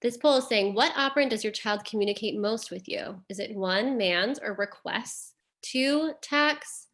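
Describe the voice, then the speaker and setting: At a moderate pace, a woman behavior analyst explains terms plainly to caregivers in a webinar. Her mid-range voice is a bit bright, and she uses "um" and "like" a lot.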